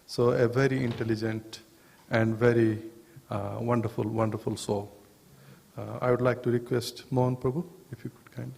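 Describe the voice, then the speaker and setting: Man, gravelly voice, earnest host, pauses with fillers, long hall reverb. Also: medium pitch, flat delivery, darkish tone. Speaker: host of the memorial gathering. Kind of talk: introducing speakers.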